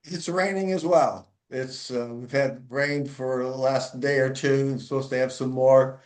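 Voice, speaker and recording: A man's voice: mid-range voice, fairly even intonation, a little mellow. Easygoing male podcast host, echoey room. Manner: easygoing storyteller, many filler pauses. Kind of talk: casual storytelling chat. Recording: roomy echo.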